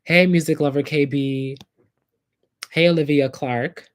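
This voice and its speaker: A man's voice: on the high side, steady tone, a little slow, smooth. A man hosting a casual livestream, rambling and chatty, with lots of fillers. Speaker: livestream host.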